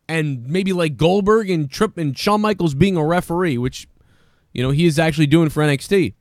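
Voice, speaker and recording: A man hosting a live wrestling review stream, talking casually, excitably and with lots of swearing. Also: fairly high pitch, moderate pace, no echo, studio quality. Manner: profane, excitable, rambling. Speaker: wrestling podcast host.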